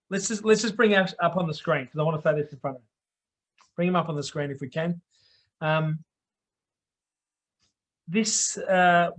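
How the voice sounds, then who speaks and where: Aussie bloke hosting a live online show, slightly high voice, keeps saying okay. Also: male voice, a bit bright. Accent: Australian. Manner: blokey, repeats "okay?" for emphasis. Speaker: host.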